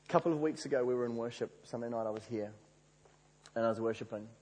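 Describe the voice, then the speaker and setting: Husky guy preaching, story-style sermon, big echoey hall. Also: medium pitch, fast. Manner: animated storyteller, acts out quoted prayers. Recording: reverberant hall.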